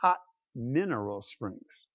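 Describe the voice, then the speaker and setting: A man preaching a sermon, swinging between loud declarations and quiet asides. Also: medium pitch, animated, slow pace. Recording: dull lo-fi sound.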